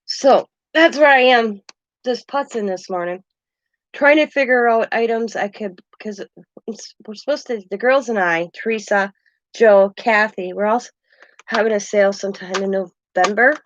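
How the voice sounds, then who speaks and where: A woman's voice: fairly high pitch, moderate pace, no room sound. Chatty older woman, dull dry audio. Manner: chatty and meandering, chuckling often. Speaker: craft channel host. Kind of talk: casual rambling chat.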